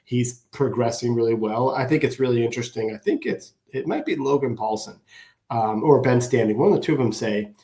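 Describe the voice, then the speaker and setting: A man co-hosting a casual sports talk show, speaking in a measured, thoughtful way. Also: medium pitch, dark tone, reverberant. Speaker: podcast co-host.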